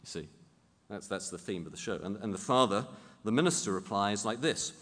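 Male preacher, emphatic sermon delivery, lowish voice, long echoing hall reverb. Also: expressive, a little fast, fairly bright tone. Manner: emphatic, rising to fervent intensity.

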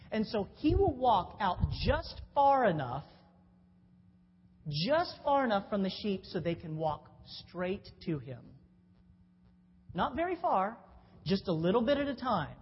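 A woman preacher giving a sermon, telling a story in an animated way, with restarts and sudden jumps in pitch. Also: husky. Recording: dull sound in a long-reverb hall with faint noise.

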